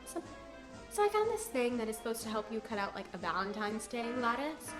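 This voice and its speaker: A woman's voice: fairly high pitch, very animated, a little fast, roomy sound, over music. A teenage girl hosting a cooking tutorial, bubbly and joking with chatty asides. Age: teens. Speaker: cooking video host.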